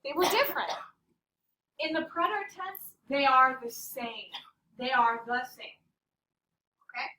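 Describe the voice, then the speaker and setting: Lively high-voiced woman teaching a class. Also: measured pace, pauses often. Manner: playful, animated, quizzes the class. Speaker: Spanish teacher. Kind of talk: classroom lesson. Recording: distant classroom mic.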